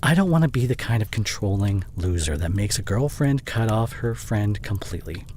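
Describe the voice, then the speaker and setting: An overworked young boyfriend with a short fuse but a loving heart, as a man acts him out. His pitch swings widely as he talks close to the mic in an intimate audio roleplay drama. A faint hiss sits under his voice. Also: animated, moderate pace, a little mellow, close to an everyday voice, low-quality recording. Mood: frustrated, heated. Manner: emotionally charged, intimate second-person address. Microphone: close studio condenser mic.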